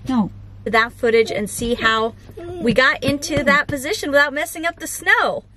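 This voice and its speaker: Bright-voiced woman vlogging to camera. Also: high-pitched, moderate pace, crowd noise. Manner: soothing a nervous puppy, then chatty. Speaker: family vlogger. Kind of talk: casual vlog talk to camera. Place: vet clinic and outdoors in snow.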